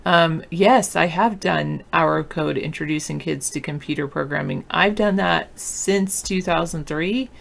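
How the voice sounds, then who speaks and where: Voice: medium pitch, a little slow, creaky, few pauses, a bit bright. A teacher hosting a political talk show, chatting in a loose, offhand and sleepy way while answering viewer comments. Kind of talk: casual chat, reading and answering viewer comments.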